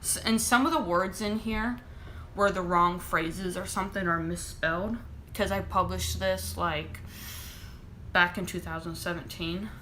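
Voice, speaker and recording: A woman's voice: lowish voice, fairly even intonation, pushed and bright, a little hiss or hum. A woman author reading a chapter of her own novel aloud, then chatting casually about it. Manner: brisk narration, chatty asides. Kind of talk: live reading and casual chat.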